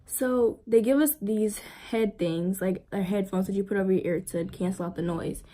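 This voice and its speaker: A woman's voice: mid-range voice, moderate pace. A young woman vlogger telling a story in a casual, rambling way, full of fillers. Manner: rambling, filler-heavy, animated retelling.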